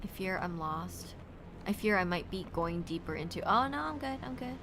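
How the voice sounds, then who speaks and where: A woman's voice: on the low side, animated, normal speed, noisy background. A woman streaming a game, chatting casually and reacting aloud, her voice worn and strained. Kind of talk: casual gameplay commentary. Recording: game music behind the voice.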